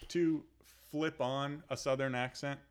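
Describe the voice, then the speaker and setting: A man from the American South co-hosting a casual podcast, with a relaxed, conversational way of talking. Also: medium pitch, measured pace, clean tone. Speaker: podcast co-host.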